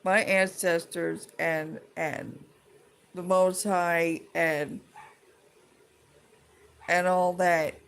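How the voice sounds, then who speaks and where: A woman's voice: lowish voice, flat delivery, extremely slow, gravelly, pauses often, clear, resonant tone. A woman ranting to her viewers in a heated, profane, rambling way, full of restarts and trailing thoughts. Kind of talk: casual rant to camera.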